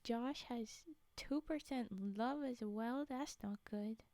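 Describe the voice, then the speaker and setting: A young woman hosting a casual live stream, bubbly and apologetic, often slipping into soft whispery asides as she chats with viewers. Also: a little high, takes it slowly, no room sound. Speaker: livestream host.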